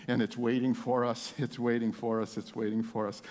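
A man preaching an Easter sermon in a church, swinging between hushed, intimate passages and loud exclamations. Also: medium pitch, level tone, fairly quick, hardly any pauses. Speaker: pastor. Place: church sanctuary with congregation. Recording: long reverb of a large hall.

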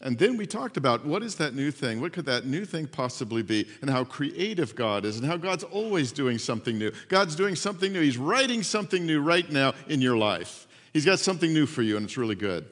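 A man preaching a sermon as pastor, telling a story in an animated way and acting out the voices in it. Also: a little high, brisk, few pauses, big-room sound.

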